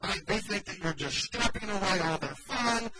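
A pastor preaches in a relaxed, conversational way and slips into the voices of the people in his examples. His voice sits a little high for a man. A loud wash of background noise runs under the recording in church. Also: moderate pace. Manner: conversational, acts out quoted voices. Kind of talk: sermon.

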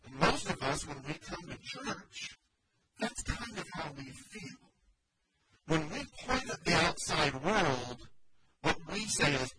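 Man, pastor, conversational sermon, slightly high voice, heavy noise behind. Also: animated, slow. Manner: conversational, acts out quoted voices. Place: church. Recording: loud background noise.

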